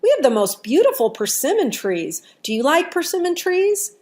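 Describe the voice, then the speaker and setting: A woman's voice: extremely high pitch, sing-song, normal speed, darkish tone, pitched above the performer's own voice. A woman voicing a cheerful little old man of about eighty who talks in a friendly sing-song.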